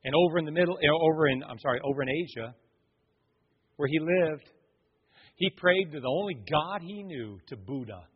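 A man preaching a sermon, telling stories with lively acted voices and loud shouts. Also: a little high, moderate pace, husky. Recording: echoey hall, dull lo-fi sound.

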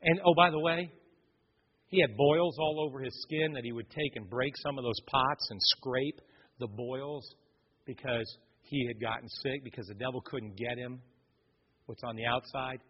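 A man's voice: mid-range voice, moderate pace, breathy edge. A man preaching a sermon, speaking emphatically and telling stories as he addresses the congregation directly. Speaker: pastor. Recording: echoey hall, dull lo-fi recording.

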